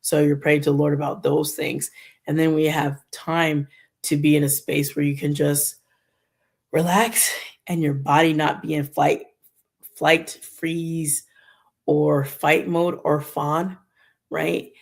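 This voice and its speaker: A woman's voice: low-pitched, little pitch movement, slow, gravelly, husky. A middle-aged woman talking in a rambling, conversational way as she shares a candid personal faith testimony on her channel. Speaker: Christian vlogger.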